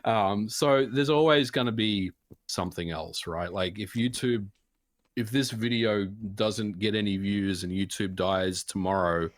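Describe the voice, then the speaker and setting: A man speaking as a guest in a casual interview, relaxed and reflective, with many fillers. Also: on the low side, measured pace.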